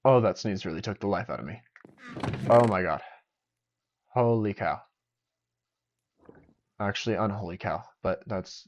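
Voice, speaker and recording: Young male streamer, low voice, rambling jokey self-talk, dull lo-fi audio. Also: a little slow, long pauses, a little hiss or hum. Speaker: game streamer. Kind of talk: casual gameplay streaming. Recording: dull lo-fi sound.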